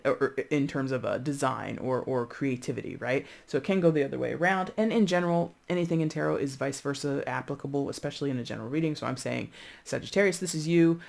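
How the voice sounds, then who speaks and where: With a creaky, medium-pitched voice, a talkative tarot reader rambles through a casual reading, addressing viewers directly. They hunt for words out loud and keep checking in with "okay?".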